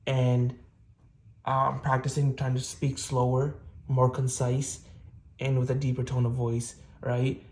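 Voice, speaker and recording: Earnest rambling young man, flat voice. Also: medium pitch, takes it slowly. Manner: rambling, earnest, many fillers and restarts. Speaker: vlogger. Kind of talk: casual self-improvement vlog.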